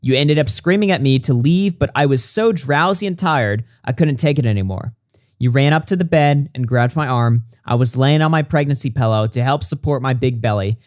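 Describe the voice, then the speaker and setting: Guy reading out a long statement, mid pitch, dry close sound, steady w/ little slips. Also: no room sound. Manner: measured reading with occasional stumbles and brief asides. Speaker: commentary YouTuber. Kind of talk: reading a written statement aloud.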